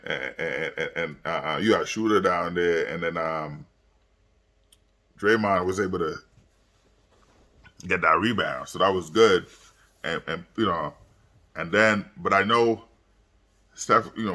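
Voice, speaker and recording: A young man with a low voice that still has a bright, forceful edge, talking through a late-night sports recap. He sounds worn out and keeps stumbling over fillers and repeats as he rambles. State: tired, yawning late at night. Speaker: sports vlogger. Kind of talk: casual sports commentary vlog.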